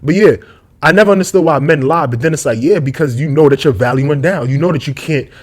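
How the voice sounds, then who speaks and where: Husky, slangy Brooklyn man ranting. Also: on the high side, quick pace. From Brooklyn, New York. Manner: animated, rambling, slangy, swings loud and soft. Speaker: vlogger. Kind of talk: casual opinion monologue.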